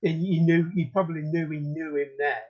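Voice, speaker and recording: A man's voice: on the high side, fairly even intonation, fairly quick, lo-fi sound. A man on a podcast panel talking about a film, hesitant and thinking aloud. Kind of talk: casual film discussion.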